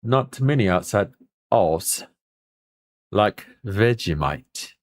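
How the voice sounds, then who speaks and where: A man's voice: fairly low pitch, lively intonation, takes it slowly. A man hosting a livestream, rambling in a folksy way with mild swearing as he reacts to viewer comments. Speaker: livestream host. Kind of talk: casual chat reading viewer comments.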